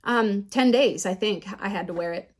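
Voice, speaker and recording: A woman leads a class on building resilience, with a voice of ordinary middle pitch. She mixes plain teaching with candid personal stories and acts out the quotes in an animated way. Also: moderate pace. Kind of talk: storytelling lecture.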